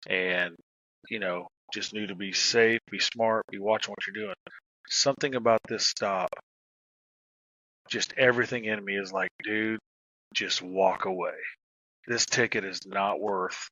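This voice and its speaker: A man's voice: fairly low pitch, pushed and bright, no room sound, highs cut off. A middle-aged man and former police officer, casually telling stories on a podcast, laughing and swearing as he goes. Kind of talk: casual storytelling.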